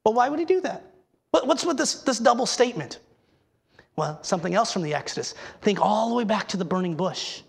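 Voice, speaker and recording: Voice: medium pitch, very animated, fairly quick, vocal fry, husky. A preacher giving an emphatic sermon, asking the listeners rhetorical questions and sometimes restarting words.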